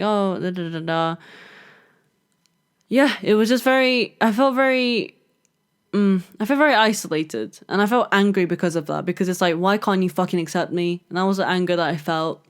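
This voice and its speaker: Brief: young woman hosting a podcast, candid storyteller who swears freely and says "like" a lot, smooth clear voice. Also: mid-range voice. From London, England. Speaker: podcast host. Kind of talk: casual personal storytelling.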